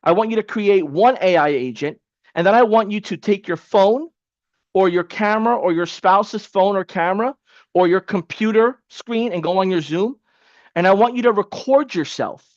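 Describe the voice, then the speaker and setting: A man coaching an online class in a casual, energetic, motivational way, repeating himself for emphasis. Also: high-pitched, normal speed, dry recording, lo-fi sound. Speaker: webinar coach. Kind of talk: live online training.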